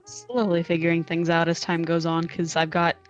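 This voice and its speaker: A woman's voice: lowish voice, little pitch movement, normal speed, soft background music. A young woman who is a working student, chatting casually on a live stream in a dry, matter-of-fact way. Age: young adult.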